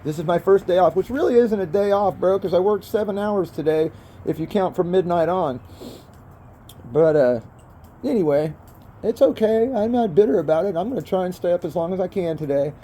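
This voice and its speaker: A man's voice: sits high, lively intonation, fairly quick, dark tone, slight background noise. An older man, rambling profanely in a casual vlog from outdoors by a fire, calling the viewer bro and man. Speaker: vlogger.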